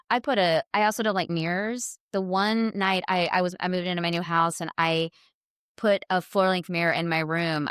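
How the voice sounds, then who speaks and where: A woman guest telling a personal story in a casual, animated way, jumping up in pitch when she quotes people. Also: clear, resonant tone, dry recording, studio quality. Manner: animated, voices quotes in a high excited pitch. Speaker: podcast guest, spiritual healer.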